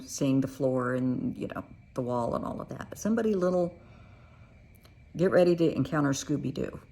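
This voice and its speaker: Calm low husky woman therapist. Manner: calm, reassuring, demonstrates with playful voices. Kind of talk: teaching coping techniques.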